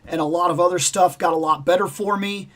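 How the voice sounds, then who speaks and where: A man hosts a casual livestream and tells a long personal story. His voice sits a little higher than most men's. He rambles and repeats himself, slipping into the voices of the people in his story. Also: steady tone, a little fast, a bit bright. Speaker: livestream host.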